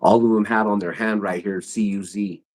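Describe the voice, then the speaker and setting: A man's voice: lowish voice, steady tone, normal speed, darkish tone. A man who is a podcast guest, telling stories casually in loose, rambling street slang. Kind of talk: casual storytelling.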